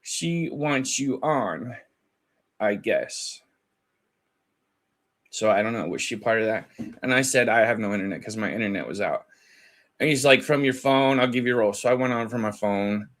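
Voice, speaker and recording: A man's voice: on the low side, lively intonation, moderate pace, pauses often, a bit bright. A man hosting a casual commentary video, chatting and laughing as he retells online drama and quotes both sides of a chat. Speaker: commentary channel host.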